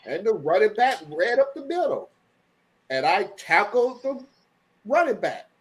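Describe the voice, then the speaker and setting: A woman's voice: medium pitch, sing-song, measured pace. An older woman chatting on a video call, telling wry stories. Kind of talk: casual group chat on a video call.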